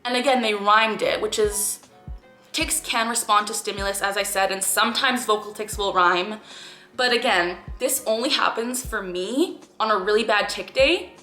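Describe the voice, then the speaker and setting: A young woman reacts to a clip in earnest, frustrated casual talk, often letting out sighing groans. Her voice is bright and tense. It rings in an echoey room with faint music behind. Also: mid-range voice, moderate pace. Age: young adult.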